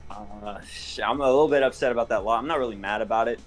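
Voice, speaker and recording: A man being interviewed about his match, talking in a relaxed, slangy way. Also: mid-range voice, fast talker, faint music behind. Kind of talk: casual chat.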